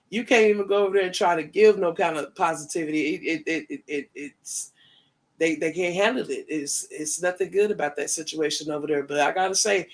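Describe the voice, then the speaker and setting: A man hosting a casual live stream, greeting viewers by name and talking in a chatty, profane way with frequent laughter. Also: high voice. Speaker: live-stream host reading chat.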